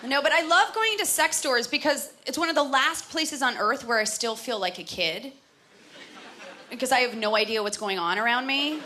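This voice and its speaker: A Canadian stand-up comedian performs a set on a comedy club stage, her high-pitched voice expressive, pushed, and bright at normal speed. She's chatty and self-deprecating and does voices for characters, with audience laughter in a noisy live club recording.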